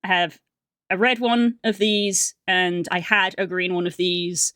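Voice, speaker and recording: A woman's voice: on the low side, steady tone, measured pace, a bit bright, clean tone, no echo, clean studio sound. A young woman livestreamer telling a casual story on stream, rambling and chatty with lots of fillers and restarts.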